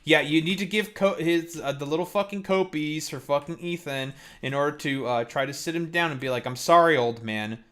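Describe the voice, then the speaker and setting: A man's voice: fairly high pitch, a little fast, few pauses, a bit bright. A man hosting a live stream, ranting heatedly and mockingly as he reacts to a clip, swearing constantly. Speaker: streamer host.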